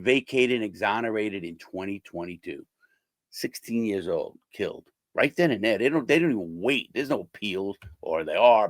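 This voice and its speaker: A man's voice: mid-range voice, fairly bright tone, no echo. An older man, a former prisoner, talking bluntly and casually to his viewers, swearing and acting out the people he quotes.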